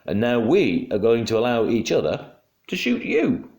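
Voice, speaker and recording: A man's voice: mid-range voice, huge pitch swings, moderate pace, darkish tone, voice pushed up. A man voicing a giant, mocking male duck with a dry, taunting manner in a storybook reading. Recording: roomy home room.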